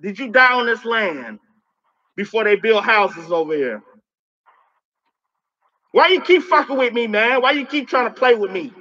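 A man with a fairly high voice rants live on a stream, cursing and taunting something unseen. He is confrontational and profane and stammers through repeats when he gets heated. The audio is muffled and lo-fi, like a phone mic. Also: sing-song, moderate pace, long pauses, pushed and bright. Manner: repeats words when worked up. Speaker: livestreamer addressing a spirit.

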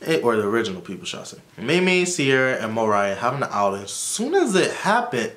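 A man in the middle of a casual TV recap, chatty and rambling, with an everyday mid-pitched voice. He is frank and opinionated, brushing past details with offhand asides. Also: very animated, a little fast, a bit bright. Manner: opinionated, frank likes and dislikes. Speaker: YouTube reviewer.

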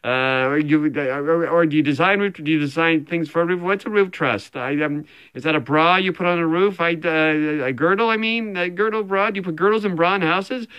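A man's voice: a little high, brisk, few pauses, clear, resonant tone, dull audio. A man in his fifties, sweaty after a run, rambling through a comic video message full of stammers and self-mockery. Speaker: comedian recording a personal video message.

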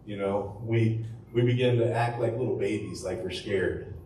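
A man's voice: lowish voice, moderate pace, warm tone, a little hiss or hum. A man preaching as pastor, telling the story conversationally with rhetorical questions and fillers. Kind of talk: sermon. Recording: echoey room from far off with faint ambience.

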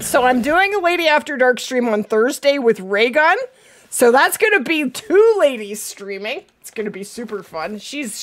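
A middle-aged woman streaming a hunting game live, chatting with viewers and answering their comments as she plays. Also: on the high side.

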